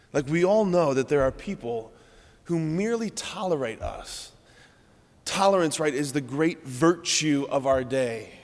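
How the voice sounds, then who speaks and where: A man's voice: medium pitch, in a large hall. A man, a Catholic priest, giving an earnest, conversational homily in a church.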